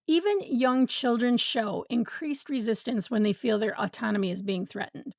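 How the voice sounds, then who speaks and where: A woman with a slightly high voice explains parenting strategies in a calm, measured way. Her delivery is steady and explanatory, and the sound is dry and close. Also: no echo. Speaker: parenting educator. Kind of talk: scripted educational talk to camera.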